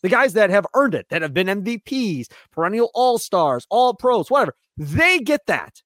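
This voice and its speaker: A man with a high, lively voice rants on a sports radio show, his pitch leaping about as he gets worked up. He is recorded dry and close on a studio mic. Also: moderate pace, no echo. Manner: excitable, ranting, mock voices for players. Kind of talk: animated sports radio rant.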